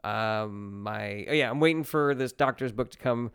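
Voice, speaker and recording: A man's voice: mid-range voice, moderate pace, creaky, a bit bright, smooth. A man who is a stand-up comedian hosting a podcast, rambling through a profane, self-mocking casual monologue.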